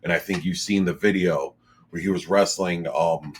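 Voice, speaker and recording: A man's voice: low-pitched, fairly even intonation, normal speed, slight background noise. A man talking casually in a podcast chat, rambling with lots of fillers and restarts.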